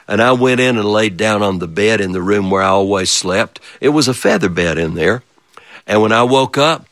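A man storyteller telling a childhood story in an animated way, repeating phrases and turning to his listeners with playful questions. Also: on the low side, moderate pace, no room sound. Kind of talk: oral storytelling of a childhood memory.

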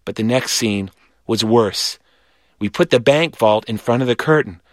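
A man reading a children's story aloud in a lively, animated way. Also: medium pitch, normal speed, no room sound, studio quality.

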